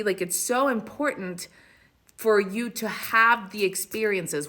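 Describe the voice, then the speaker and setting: Woman livestream host, casual blunt talk, swears a lot, laughs often, bright forceful voice. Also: mid-range voice.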